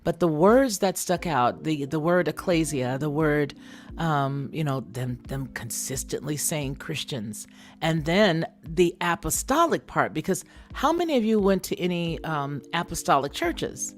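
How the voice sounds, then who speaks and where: A woman's voice: low-pitched, animated, unhurried. A middle-aged woman hosting a casual live chat, thinking aloud and speaking directly to her viewers. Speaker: channel host.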